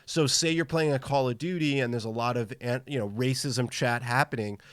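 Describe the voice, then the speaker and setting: Male podcast host, casual live-stream chat, enthusiastic but travel-tired, middle pitch, dry sound. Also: brisk, clear, resonant tone, no echo. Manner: enthusiastic, greets chat viewers by name.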